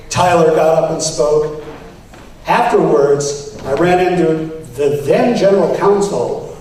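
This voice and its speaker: A man's voice: a little high, a little mellow, slight background noise. A man running for party office, telling a story to convention delegates in an emphatic, storytelling way. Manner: storytelling, emphatic, quotes others with raised voice. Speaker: political candidate. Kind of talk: campaign speech to delegates. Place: convention hall. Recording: very echoey hall, mic at a distance.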